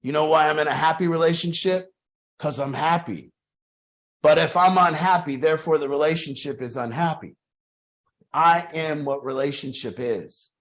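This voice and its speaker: A man's voice: fairly high pitch, normal speed, fairly bright tone. A man leading a support group, talking emphatically, repeating key phrases with restarts and the odd swear word. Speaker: group leader. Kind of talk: motivational group talk.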